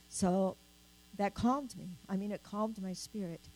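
An older woman shares a testimony before a church group. She tells her story earnestly and acts out the voices of the people in it. Her voice sits at a middle pitch for a woman. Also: steady tone, moderate pace, darkish tone, rough recording. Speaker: church member giving testimony. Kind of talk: spoken testimony.

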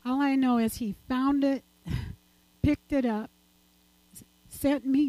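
Older lady sharing her testimony at church, rambly and laughy, kinda high warm voice. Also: fairly even intonation, slow pace, dry recording, low-quality recording. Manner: chatty and rambling, laughing often. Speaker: church speaker giving testimony. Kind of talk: informal church talk and testimony.

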